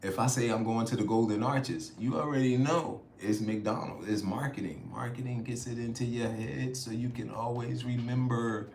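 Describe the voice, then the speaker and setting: A man's voice: mid-range voice, steady tone, normal speed, hardly any pauses, darkish tone. Laid-back American man chatting on a livestream. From United States. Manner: laid-back, chatty, laughs often, says "y'all". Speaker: travel vlogger reading live chat. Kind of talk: casual livestream chat. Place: outdoors in a city. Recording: echoey with faint ambient noise.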